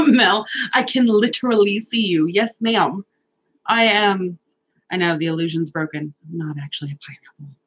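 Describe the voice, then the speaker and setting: A woman's voice: lowish voice, moderate pace, husky, poor audio. A young woman hosting a casual live stream, chatty, nervous and self-deprecating, swearing now and then as she sorts out technical problems.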